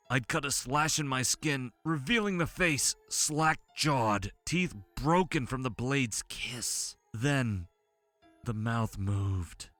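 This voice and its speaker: A man's voice: mid-range voice, lively intonation, takes it slowly, sharp tone, soft background music. A man narrating a horror story in a tense, dramatic way.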